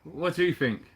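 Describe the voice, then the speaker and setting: A man's voice: a little high, a bit bright. A man from the UK hosting a casual livestream, chatty and jokey, laughing often and using casual slang. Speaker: livestream host.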